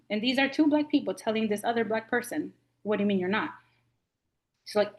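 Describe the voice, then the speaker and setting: A woman's voice: mid-range voice, normal speed. A middle-aged woman from Nicaragua, a podcast guest telling a story in casual conversation and acting out what people said. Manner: animated storyteller acting out quotes.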